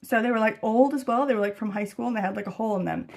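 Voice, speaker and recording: A young American woman chatting casually to camera about her travels, rambling and animated, with lots of fillers and swearing. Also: on the high side, racing, creaky. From United States. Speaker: travel vlogger. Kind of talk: casual chat.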